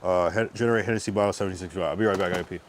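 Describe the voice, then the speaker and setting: A tipsy male streamer chats loosely late at night, cursing freely and rambling from thought to thought. His voice sits very low, with a faint hiss of background noise behind it. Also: steady tone, racing. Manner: loose, profane, rambling commentary. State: tipsy from drinking.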